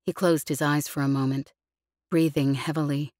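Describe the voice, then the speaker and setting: A woman narrating a novel in a measured, even storytelling voice, read close in a studio. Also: sits low, no room sound. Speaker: audiobook narrator. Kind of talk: scripted narration.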